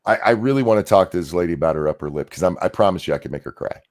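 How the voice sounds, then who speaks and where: A man's voice: low-pitched, animated, very fast, darkish tone. A man hosting a podcast, ranting in casual, mocking, sarcastic commentary. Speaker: podcast host.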